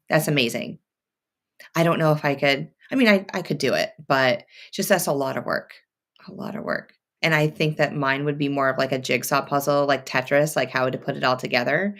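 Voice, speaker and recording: A woman hosting a sewing live stream, chatting and reading viewer comments aloud as she works. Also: sits low. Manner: thinks out loud, many fillers and restarts. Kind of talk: casual live-stream chat.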